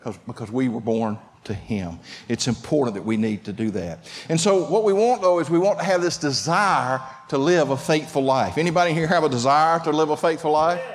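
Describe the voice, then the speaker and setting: A pastor preaching a sermon, talking conversationally and calling out to the congregation. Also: male voice, fairly high pitch, fairly quick, few pauses. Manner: conversational preaching with audience call-outs.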